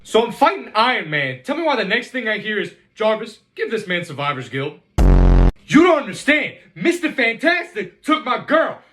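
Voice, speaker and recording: A man doing a comedic meme monologue, animated and swearing with exaggerated outrage. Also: high-pitched, normal speed. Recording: loud music behind.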